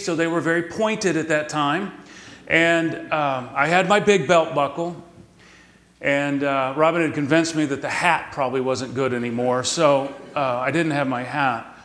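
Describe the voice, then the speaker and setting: A man's voice: a little high, fairly bright tone, reverberant. A middle-aged man from Texas, a pastor preaching a sermon, telling folksy stories and stretching out words for emphasis.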